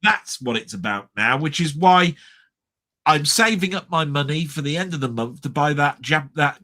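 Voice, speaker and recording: A British man holds forth on his live stream, blunt and ranting, swearing freely in casual chat. His voice is bright and forward and sits a little high. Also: lively intonation, moderate pace. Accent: British English.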